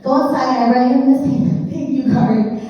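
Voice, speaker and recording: A woman's voice: sits high, a little slow, faint music behind. A woman doing a stand-up comedy set at an open mic, chatty and self-deprecating, with lots of "like"s. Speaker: stand-up comic. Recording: dull, distant, echoey hall sound.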